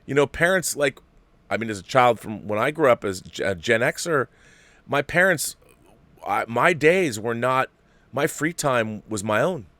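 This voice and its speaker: A man's voice: mid-range voice, lively intonation, measured pace, pushed and bright, no room sound. A man in his forties hosting a casual livestream, reading viewer letters and answering them in a rambling, self-correcting way. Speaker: host.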